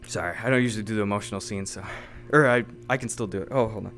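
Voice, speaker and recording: A man streaming from home, improvising a comedy role-play in a halting, rambling way full of fillers. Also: on the low side, fairly bright tone, soft background music. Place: home streaming setup, playing in virtual reality.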